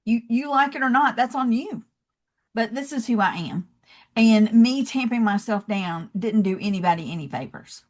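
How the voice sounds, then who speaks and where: A woman with a Southern US accent, a podcast guest who talks in a lively way and acts out little scenes in voices. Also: a little high, normal speed. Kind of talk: conversational interview.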